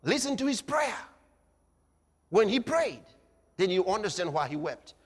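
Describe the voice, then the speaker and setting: A man preaching a sermon, swinging between hushed passages and shouting. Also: high voice, sing-song, a little slow, breathy edge. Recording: reverberant hall.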